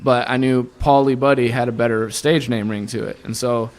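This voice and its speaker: A man's voice: mid-range voice, moderate pace. Young man, from Iowa, guest musician, casual storytelling, acts out voices. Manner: animated storyteller who acts out quoted voices.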